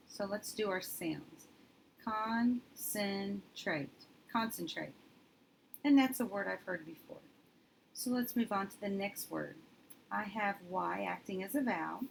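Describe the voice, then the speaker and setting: A woman teacher demonstrating step by step in a steady, methodical way, thinking aloud as she works. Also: medium pitch, vocal fry, poor audio. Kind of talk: instructional demonstration. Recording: faint background noise.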